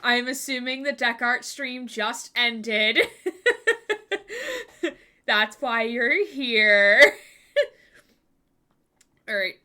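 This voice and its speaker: A woman's voice: fairly high pitch, animated, very slow, pauses often, bright, forceful tone, clean tone. A young woman streaming live, chatting with viewers in a bubbly, giggly way at a desk microphone. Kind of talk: casual live-stream chat.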